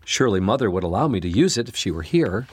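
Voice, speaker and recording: A man's voice: lowish voice, sing-song, fast, husky. A man voicing an eager little girl of seven in a storybook reading, lightening his voice a little.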